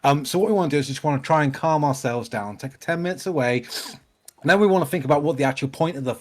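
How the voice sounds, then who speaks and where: A man's voice: on the high side, fast talker. A man, a life coach co-hosting an advice show, brash, swearing freely and hyping up the listener. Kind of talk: casual advice talk.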